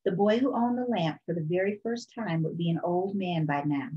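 A woman's voice: fairly low pitch, normal speed, highs cut off. Woman reading a children's story aloud. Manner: calm, expressive storytelling. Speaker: storytime reader.

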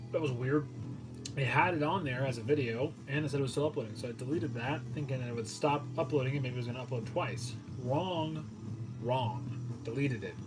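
A young man vlogs casually, rambling offhand and poking fun at himself in a self-deprecating way. His voice is medium-pitched, and the recording is rough.

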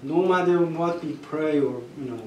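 A man with a Persian accent and Persian as his first language, telling personal stories at a gathering, halting and restarting, with soft laughs. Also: a little high, dull audio, slight background noise. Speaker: storyteller at a gathering. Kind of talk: personal storytelling. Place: gathering room. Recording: echoey room, mic far off.

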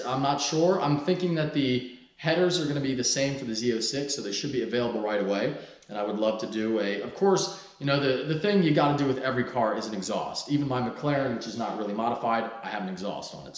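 A man's voice: mid-range voice, reverberant. A man in his twenties, a car vlogger in casual vlog talk, loose and joking, who swears freely. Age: 20s.

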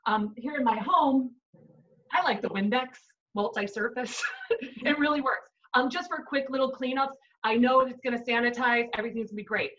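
Woman, Chicago accent, chef instructor, cooking demo, chatty, fairly high voice, distant, muffled audio. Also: normal speed, fairly bright tone. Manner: chatty, explains as she cooks, frequent "right?" and "um". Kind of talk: cooking demonstration. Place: home kitchen.

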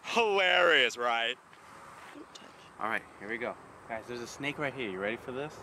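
A man's voice: mid-range voice, expressive, normal speed, background noise. A young man vlogging casually while walking through an outdoor park, joking and ranting in mock exasperation.

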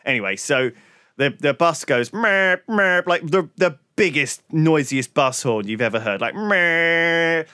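Here a man co-hosting a podcast spins a lengthy yarn, cursing often in relaxed conversation. He speaks at normal speed in a medium pitch with lively intonation, and his fairly bright voice comes through clean and dry, without any room sound.

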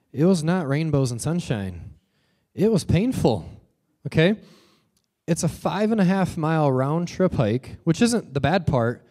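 A young pastor tells a story from the pulpit with lively acted-out quotes. His voice sits a little high but sounds mellow. He keeps it casual and animated. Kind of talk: sermon.

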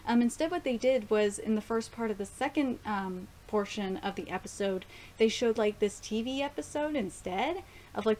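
A young woman casually reviewing an anime episode, gushing and excitable, swearing now and then. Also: fairly high pitch, slight background noise.

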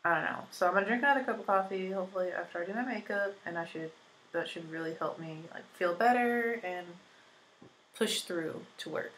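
A woman's voice: on the low side, a little fast, a bit bright, rough recording. Chatty young woman doing a makeup tutorial. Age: 20s. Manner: chatty, rambling, many "like" fillers. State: recovering from illness. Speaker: beauty vlogger. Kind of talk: casual makeup tutorial chat.

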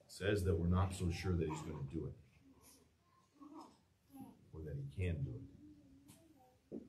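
A man's voice: rumbling low, measured pace, far from the mic, background noise. A male pastor preaching a sermon in a church. He asks the congregation questions and waits for their answers. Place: church sanctuary.

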